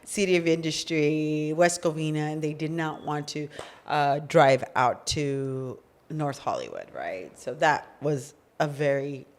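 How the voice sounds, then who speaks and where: A middle-aged woman from California, co-hosting a podcast and telling her business story in a casual, animated way, acting out the dialogue she recalls. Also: low-pitched, measured pace. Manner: animated, acts out quoted dialogue. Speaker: podcast co-host, business founder.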